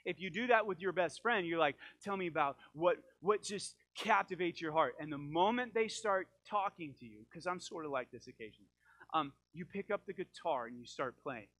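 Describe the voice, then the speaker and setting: A middle-aged man preaching a sermon as pastor, animated and joking, acting out little voices in his asides. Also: a little high, normal speed, no echo. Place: church sanctuary.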